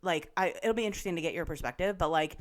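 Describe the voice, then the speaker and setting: A woman's voice: fairly low pitch, rapid-fire. Gossipy young woman podcast co-host. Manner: gossipy, animated retelling with lots of "like" and swearing. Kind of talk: casual chat.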